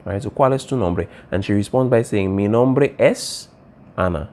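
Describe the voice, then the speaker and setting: At normal speed, a man with a mellow, lowish voice teaches Spanish, with a little hiss or hum in the recording. He's patient, goes back over key points, and checks in often by asking "all right?"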